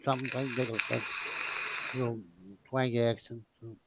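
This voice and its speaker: A man's voice: medium pitch, level tone, normal speed, noisy background. A man from the United States in a casual group chat, talkative and insistent, often laughing.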